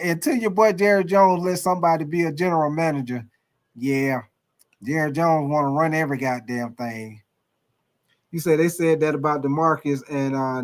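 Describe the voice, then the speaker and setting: A man hosting a live sports talk stream in a fairly high voice. He talks loosely and excitably, greeting chatters by name and ending his lines with "man" and "baby.". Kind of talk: casual live-stream chat.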